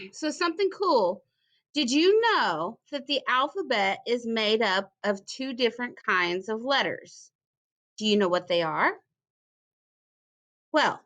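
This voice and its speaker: Slow, high-voiced woman teaching phonics. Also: fairly bright tone. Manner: slow, careful, encouraging, repeats words clearly. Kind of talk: phonics lesson for young children.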